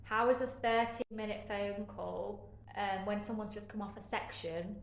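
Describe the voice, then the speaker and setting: A woman giving a candid personal account as an interviewee, frank and halting, with many fillers and a sarcastic edge. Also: mid-range voice, steady tone, vocal fry, reverberant, rough recording. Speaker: interviewee sharing care experiences.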